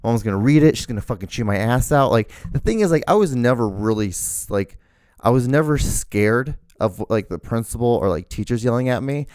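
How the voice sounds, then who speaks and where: Young guy rambling thru high school stories, smooth clear voice, dry close sound, swears a lot. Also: fairly quick, no echo. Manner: rambling, animated, swears freely, many fillers. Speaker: podcast host. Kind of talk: casual storytelling monologue.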